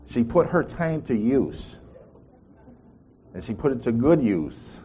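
Man preacher, mid-pitched, lively storytelling sermon with rhetorical questions. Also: a little hiss or hum. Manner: animated storytelling, voicing quotes, rhetorical questions to the congregation.

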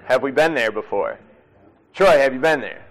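A pastor preaching a sermon, addressing the congregation directly and acting out voices. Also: male voice, medium pitch, expressive, moderate pace.

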